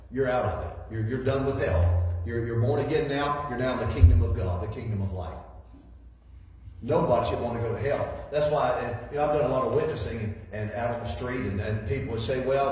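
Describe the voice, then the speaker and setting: A man's voice: mid-range voice, fairly quick, mellow. A man preaching a sermon as a guest speaker, folksy and repeating words as he builds his points. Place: church hall. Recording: echoey hall, distant mic, faint noise.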